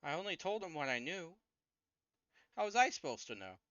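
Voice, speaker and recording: A panicky, starving man, voiced by a man begs in a bright, tense voice. The recording is dry and a little dull. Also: fairly high pitch, sing-song, fairly quick, no room sound, pitched above the performer's own voice. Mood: pleading. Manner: pleading, panicky. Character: frightened, desperate starving man in an alley.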